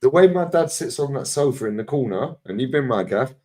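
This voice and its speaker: A man's voice: mid-range voice, expressive, a little fast, dark tone. Blunt, swearing London man. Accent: London English. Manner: blunt, swearing, storytelling with acted quotes. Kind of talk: casual chat.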